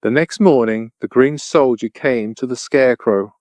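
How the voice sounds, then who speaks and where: Male narrator, storybook audiobook, even and clear, medium pitch, dry close sound. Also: moderate pace, dry recording.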